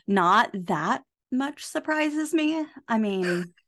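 A woman's voice: a little high, lively intonation, slow, fairly bright tone. An American woman co-hosting a podcast, chatting in a bubbly, giggly way and saying "like" often. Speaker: podcast co-host. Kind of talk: casual chat.

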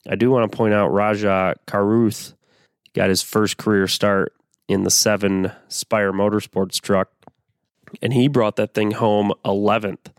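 A man hosting a casual solo podcast, his voice raspy from allergies, talking in a laid-back way with frequent fillers. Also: on the low side, no room sound, studio quality. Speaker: podcast host.

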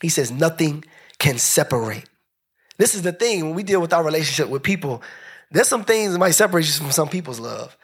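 A man preaching a lively sermon, joking with the congregation, dropping into slow low phrases and rising into high shouts. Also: husky. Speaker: pastor.

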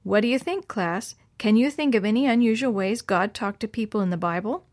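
A kind teacher guiding her class through a puzzle, as a woman reads her part. She speaks gently and explains things patiently. The storybook reading sounds dry and close. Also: medium pitch, fairly quick, no echo, close to an everyday voice. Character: kind patient female schoolteacher. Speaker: teacher in a Sunday-school story.

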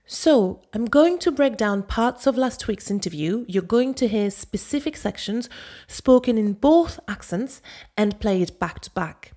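A woman with a Parisian accent hosts a scripted language-learning podcast. She explains pronunciation clearly and patiently, then demonstrates French phrases herself. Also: mid-range voice, darkish tone. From Paris, France. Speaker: podcast host and French teacher.

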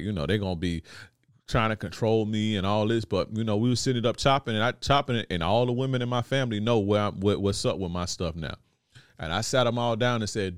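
A man's voice: fairly low pitch, clean tone, dry recording, clean studio sound. A man hosting a podcast, talking to listeners in a blunt, slangy, profane monologue and often asking if they follow. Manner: blunt, repeats "you see what I'm saying". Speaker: podcast host.

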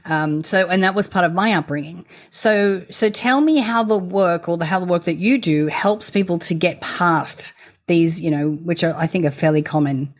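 A woman's voice: on the low side, normal speed. A woman hosting a podcast, who reflects on her own experience before asking the guest a question. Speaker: podcast host. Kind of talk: conversational interview questions.

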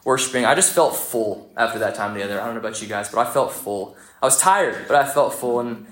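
A young man preaching a sermon, telling a story in a lively, conversational way. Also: medium pitch, fairly quick. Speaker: pastor. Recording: echoey church room.

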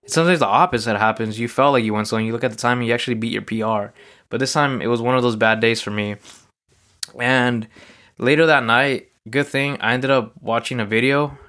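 A man's voice: mid-range voice, fairly even intonation, a little fast, sharp tone. A man hosting a podcast, telling a loose, rambling personal story in a casual solo monologue, full of fillers. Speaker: podcast host.

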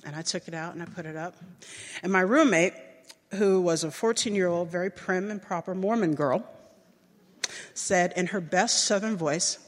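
A middle-aged woman telling a personal story to an audience, animated and acting out the voices of people she remembers. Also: moderate pace, long reverb tail. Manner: animated, acts out remembered voices with big jumps in pitch.

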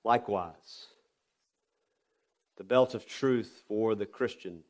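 A pastor preaching a sermon, emphatic, with rhetorical questions and swings from loud stresses to quiet drops. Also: male voice, fairly low pitch, slow pace.

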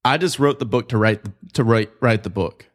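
A man's voice: mid-range voice, normal speed. A man in his late twenties hosting a podcast, talking candidly and earnestly about his life, with casual fillers and swearing, close to tears at times. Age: 20s. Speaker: podcast host. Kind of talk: personal reflective monologue.

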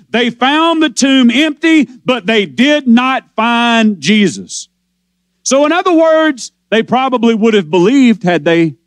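High-voiced preacher with drawl. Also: male voice, dry recording. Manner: impassioned preaching, slows and swells on scripture quotes. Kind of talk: sermon.

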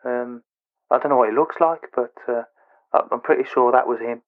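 A man's voice: medium pitch, a little fast. A man doing a timid fan over the phone. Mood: earnest. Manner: timid, earnest, hesitant. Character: awkward eager male fan hiding in his shed. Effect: phone line. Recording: tinny phone line.

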